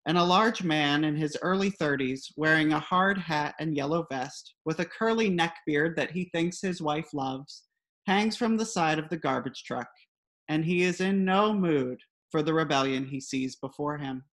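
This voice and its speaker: A woman's voice: sits low, moderate pace. Lady reading her funny essay, dry and wry, easygoing. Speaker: humor writer reading her story. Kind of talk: comic personal essay reading.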